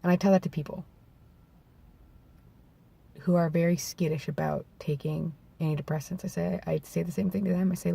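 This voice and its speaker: In bright daylight outdoors, a male vlogger gives a candid talk to camera in a slightly high, mellow voice with fairly even intonation. It sounds gravelly from vocal nodes and somewhat hoarse from throat clearing. His delivery is reflective and halting, full of restarts and self-corrections.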